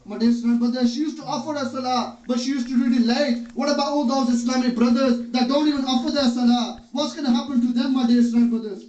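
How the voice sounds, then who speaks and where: A man's voice: extremely high pitch, steady tone, quick pace, few pauses, a little mellow. A man giving a religious talk, telling stories and retelling others' words as quotes. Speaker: preacher. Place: hall or home gathering. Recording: dull, roomy, distant sound.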